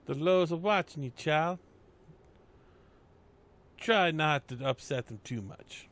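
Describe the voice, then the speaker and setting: A man's voice: a little high, animated, takes it slowly, fairly bright tone, full character voice. A man voicing an old Southern woman who leads a carnival of mystics, with a folksy, drawling, cryptic manner and a Southern US accent. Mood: warning.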